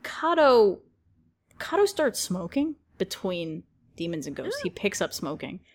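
A woman's voice: mid-range voice, big pitch swings, a little slow. A young woman chatting casually as a podcast co-host, rambling and laughing often. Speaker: podcast co-host, series writer. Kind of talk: casual chat.

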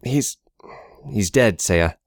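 A man's voice: on the low side, lively intonation, slow pace, no echo, studio quality. A man voicing a frightened young man who stammers and speaks shakily. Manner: stammering, shaky. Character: frightened young man caught in a gang fight.

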